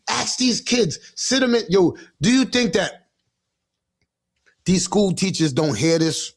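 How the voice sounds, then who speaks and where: A high, gravelly-voiced man preaches bluntly on his livestream, animated but slow, with long pauses. He's an adult father giving parenting talk in a casual street-talk monologue, swearing freely, repeating himself and restarting often.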